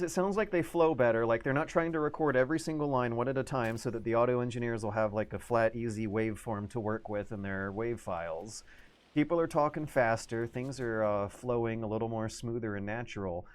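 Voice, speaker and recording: Rambling male game streamer. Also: mid-range voice. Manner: rambling, thinking aloud, quick laughs. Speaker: livestream host. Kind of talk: casual game-stream commentary.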